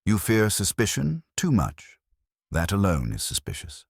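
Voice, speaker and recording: A man's voice: on the low side, wildly swooping pitch, unhurried, gravelly, slightly rough, no room sound, clean studio sound, voice pushed up, exaggerated voice. A man reading a shrewd, courteous detective who questions with polite persistence. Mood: probing.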